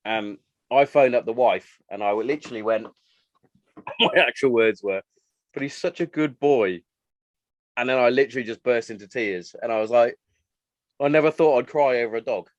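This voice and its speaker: A man's voice: mid-range voice, brisk, no echo, highs cut off. A man in his thirties hosting a podcast, chatting casually and acting out his family's lines as he tells stories. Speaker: podcast host. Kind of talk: casual chat.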